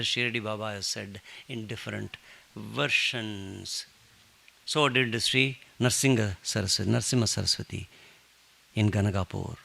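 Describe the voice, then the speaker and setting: A man leading a satsang, telling a devotional story with lively joking asides. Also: fairly low pitch, vocal fry. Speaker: satsang speaker.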